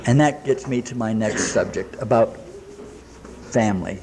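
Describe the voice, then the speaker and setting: A man's voice: medium pitch, fairly even intonation, moderate pace, a little mellow. Guy sharing his story at a meeting, ordinary mid voice, lots of "he says, i says", dry jokes, faint background noise. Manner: plain storytelling full of quoted back-and-forth dialogue, dry jokes. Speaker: speaker sharing at a recovery meeting. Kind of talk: personal recovery story told to a live audience. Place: meeting room with a live audience.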